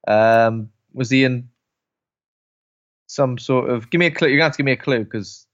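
A man co-hosting a casual film podcast, answering quiz questions with jokey asides and quick laughs. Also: mid-range voice, no room sound, dull audio. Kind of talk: casual chat.

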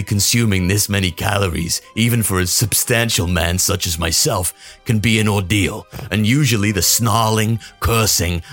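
A man voicing a pompous older billionaire as a Canadian mob boss, slow and menacing, in a comic monologue over faint music. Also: sits low, fairly bright tone. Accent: Canadian, put on.

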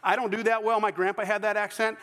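A man's voice: sits high, little pitch movement, quick pace, fairly bright tone, big-room sound. A man with a Southern US accent preaching a sermon as pastor. He tells stories earnestly and often restarts his sentences. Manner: storytelling, earnest, with false starts.

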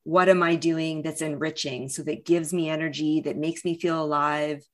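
A middle-aged woman in casual conversation, speaking with emotion, often halting and restarting with fillers. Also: deep voice, steady tone.

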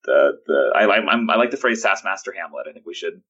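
A man's voice: sits low, animated, quick pace, fairly bright tone, slightly rough, muffled recording. A man on a podcast panel, chatting casually, thoughtful and hesitant with fillers. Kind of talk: casual discussion.

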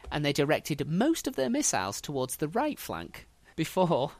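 A man's voice: fairly high pitch, huge pitch swings, normal speed, dry recording. A man hosting a podcast, telling history as a casual story with dry, wry humour.

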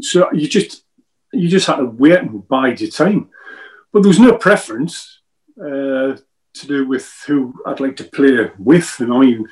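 A man's voice: mid-range voice, a little mellow, poor audio. A man, a former footballer telling rambling, joking stories in an interview and often repeating himself. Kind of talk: casual interview chat.

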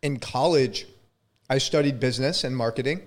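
A man in his thirties hosting a casual interview, relaxed and slangy, sharing his own story. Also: medium pitch, normal speed. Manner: relaxed, laid-back slang, affirming. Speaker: podcast host.

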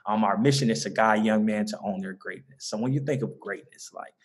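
A man's voice: lowish voice, brisk. A young man from the American South with a Southern accent, speaking earnestly in a casual interview as a mentoring organization founder, with many fillers and restarts. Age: young adult.

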